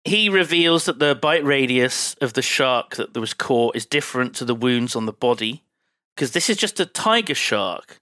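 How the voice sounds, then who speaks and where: A man's voice: mid-range voice, lively intonation, normal speed, bright, forceful tone, no room sound. A man co-hosting a podcast, casually retelling a film with plenty of swearing and filler words. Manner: swears freely, rambling with fillers. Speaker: podcast co-host.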